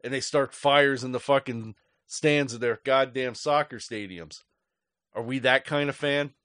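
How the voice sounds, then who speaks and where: A man in a sports fan talk show, swearing constantly and ranting in loose, rambling bursts. His voice sits in an ordinary middle pitch, recorded close and dry with no room sound. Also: a little slow, fairly bright tone, no echo. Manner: angry, profane, rambling. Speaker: sports podcast host.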